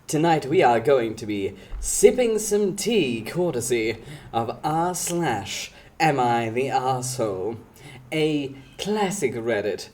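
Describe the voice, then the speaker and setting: A man's voice: mid-range voice, darkish tone. A man streaming live, chatting casually with his viewers and teasing them, often breaking into giggles. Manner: giggly, breaks into frequent laughter; playful teasing, talks to chat by name.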